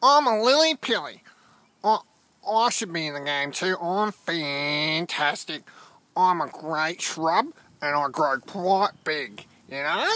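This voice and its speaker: A woman voicing a big, boastful lily pilly shrub, in a slow, lowered voice. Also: lively intonation, fairly bright tone, exaggerated voice.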